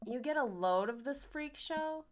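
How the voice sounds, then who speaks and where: A woman's voice: high-pitched, expressive, unhurried, noisy background, pitched above the performer's own voice. A woman voicing a cold, sarcastic church treasurer in a dating game, speaking in a dry, drawled, cutting way.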